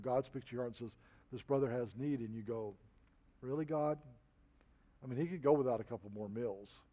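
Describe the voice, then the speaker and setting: A middle-aged man preaching a sermon, telling personal stories and calling his listeners folks, dropping softer when he quotes people. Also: medium pitch. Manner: storytelling, addresses listeners as folks, drops to a soft voice for quoted lines.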